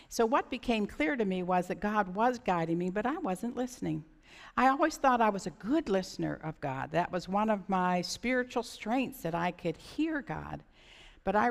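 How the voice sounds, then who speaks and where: Woman pastor, gravelly edge, storytelling sermon with acted-out voices, echoing church sanctuary. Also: medium pitch. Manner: conversational storytelling, acts out voices.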